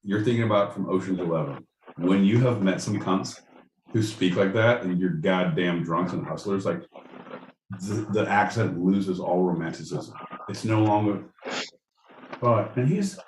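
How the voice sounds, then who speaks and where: A low-pitched man co-hosting a podcast, riffing with jokes and profanity. His voice sounds roomy and a little echoey, with a faint hiss behind it. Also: normal speed, a little mellow. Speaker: podcast co-host. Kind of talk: casual podcast banter.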